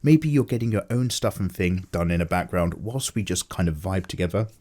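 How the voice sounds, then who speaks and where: Tired, chatty low-voiced man. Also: a little fast, a little mellow. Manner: loose, chatty, jokey, many fillers. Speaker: artist and channel host. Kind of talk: casual unedited rambling chat.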